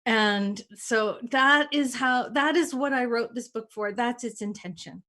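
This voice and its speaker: A woman hosting a casual talk, telling stories in an animated way and acting out the dialogue. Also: a little high, a little slow. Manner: animated, acts out quoted dialogue. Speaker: host.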